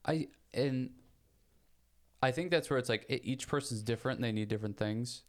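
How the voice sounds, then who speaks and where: A young man co-hosting a podcast in casual chat, rambling and repeating words, getting animated when he makes a point. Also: mid-range voice, moderate pace. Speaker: podcast co-host.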